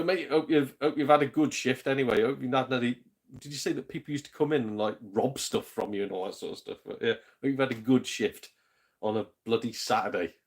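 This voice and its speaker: Chatty man on a live stream. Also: medium pitch. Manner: chatty, rambling, laughs often, greets viewers. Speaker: YouTube gaming channel host. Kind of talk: casual live-stream chat.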